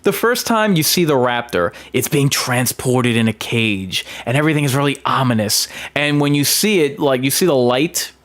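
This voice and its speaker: Brief: mid-pitched man on a film talk show, emphatic, stop-and-start delivery. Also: lively intonation, normal speed, hardly any pauses, fairly bright tone. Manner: emphatic, with many ums and restarts. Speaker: film commentator. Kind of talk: casual film commentary.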